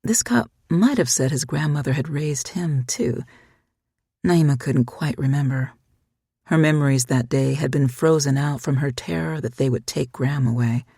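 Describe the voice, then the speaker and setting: Audiobook narrator, husky, dry close mic, even measured read. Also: mid-range voice, no room sound. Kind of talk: scripted narration.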